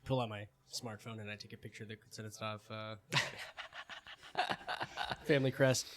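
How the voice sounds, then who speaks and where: A man's voice: lowish voice, steady tone, normal speed, background noise. A man playing a tabletop game, speaking in character with dry, playful joking. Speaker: player. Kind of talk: tabletop role-play banter.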